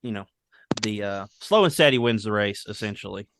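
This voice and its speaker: A man with a Southern Alabama accent answers podcast questions in an easygoing, rambling way full of fillers. His voice sits on the low side, recorded dry and close. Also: fairly quick, fairly bright tone, no room sound. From North Alabama, US. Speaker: band guitarist, guest. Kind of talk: casual podcast interview.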